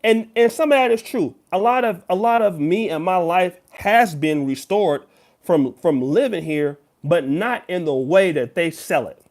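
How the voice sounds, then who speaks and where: A man's voice: high-pitched, animated, measured pace, darkish tone. A man giving emphatic direct-to-camera commentary as a YouTuber, lecturing the viewer. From United States.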